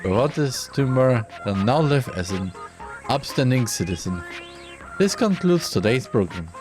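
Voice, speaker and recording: A man's voice: medium pitch, big pitch swings, unhurried, music in the background. A man voicing a gleeful, sadistic male game-show presenter while reading game dialogue aloud, in a mock-cheerful, theatrical announcing manner. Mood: gloating.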